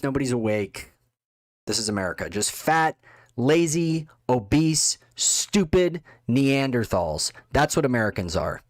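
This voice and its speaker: A man's voice: medium pitch, no echo. A man delivering an angry, contemptuous political rant, full of insults. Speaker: political commentator. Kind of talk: ranting monologue.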